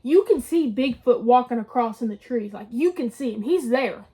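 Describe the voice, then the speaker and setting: Lively young woman telling a story. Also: on the high side, moderate pace, slightly rough. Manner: animated, slangy, says dude and swears. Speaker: vlogger. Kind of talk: casual storytelling.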